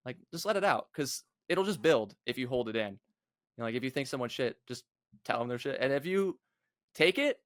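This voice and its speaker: A man's voice: mid-range voice, animated, fairly quick, no room sound. Blunt young man, dry close sound. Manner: blunt, many "like" fillers. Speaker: guest, competitive gamer. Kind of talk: casual podcast chat.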